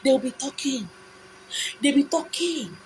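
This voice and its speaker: A woman's voice: high-pitched, animated, measured pace, a little mellow, slight background noise, poor audio. A woman with a Nigerian accent giving an impassioned, preachy monologue, full of rhetorical questions and insistent repetition. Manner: repetitive, insistent phrasing with pidgin asides.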